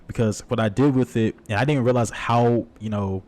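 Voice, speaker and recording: A man hosting a podcast, chatting casually and then reading his own poem aloud, halting and earnest with many restarts. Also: medium pitch, a little mellow. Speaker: podcast host.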